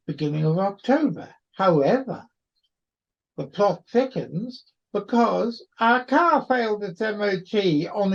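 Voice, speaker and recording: A man hosting a podcast, telling a story in a wry, rambling way. His voice is husky and he speaks very slowly. The recording sounds dull and lo-fi. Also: on the high side. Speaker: podcast host. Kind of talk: storytelling monologue.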